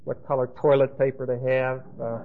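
A man's voice: mid-range voice, little pitch movement, moderate pace, narrow, tinny audio, a little hiss or hum. A man preaching a sermon with emphasis and dry humor, speaking straight to his listeners.

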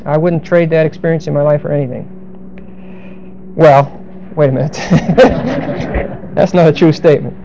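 A man's voice: on the high side, steady tone, measured pace, vocal fry, pauses often, dark tone, muffled recording, slight background noise. A middle-aged man preaching a verse-by-verse sermon, explaining Greek grammar with asides and dry humor. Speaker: pastor.

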